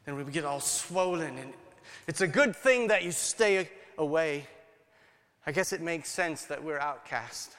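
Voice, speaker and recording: A man's voice: a little high, animated, a little slow. A man playing an earnest healed leper. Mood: somber. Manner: earnest storyteller, swings between hushed and exclaiming. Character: a grateful healed leper man, once outcast. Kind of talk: dramatic first-person monologue. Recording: long hall reverb.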